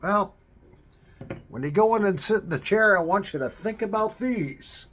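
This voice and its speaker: A man voicing his excitable, flirty female friend in a raised, lilting voice, quoting her in a casual spoken story. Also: sits high, a little fast, creaky, breathy edge, pitched above the performer's own voice, exaggerated voice. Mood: playful.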